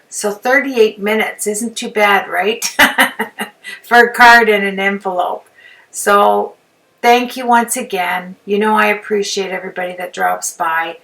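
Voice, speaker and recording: A woman's voice: medium pitch, a bit bright, recorded from a distance, rough recording. An older woman chatting casually through a voiceover tutorial, rambling and poking fun at herself. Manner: chatty, rambling, self-deprecating. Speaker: crafting channel host.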